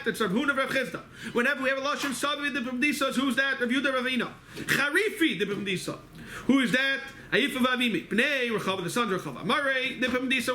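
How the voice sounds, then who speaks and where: A man with a very high, strikingly bright voice leads a Talmud lesson, firing off questions and answering them himself. The sound carries a roomy echo of a synagogue study hall. A faint hum of background noise sits under him. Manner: rapid, quizzing himself with questions. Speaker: Talmud class teacher. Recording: echoey hall recording.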